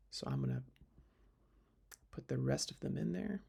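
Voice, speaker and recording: A man's voice: mid-range voice, huge pitch swings, moderate pace, gravelly, dark tone, husky. A man teaching literature in a recorded lecture video, explaining step by step with fillers and restarts.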